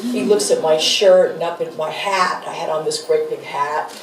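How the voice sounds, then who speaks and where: A woman in her fifties tells lively, laughing stories in a lowish voice as the guest of an onstage interview. She sits a little off the mic, so the room rings around her. A faint hum of the venue stays underneath. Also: normal speed. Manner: animated, laughing storyteller. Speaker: guest, author and rock musician. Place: bar venue with live audience. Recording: echoey room, mic from a distance.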